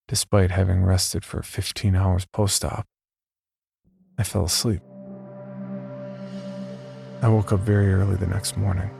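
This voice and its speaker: Deep gravelly male horror narrator. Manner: slow, measured first-person storytelling. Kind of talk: scripted horror story narration.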